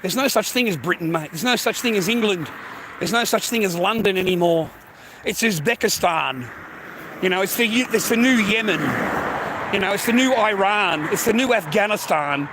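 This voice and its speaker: A man's voice: sits high, animated, moderate pace, noisy background. A man delivering an angry, profane ranting monologue, repeating himself and tagging lines with mate and bro. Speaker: vlogger.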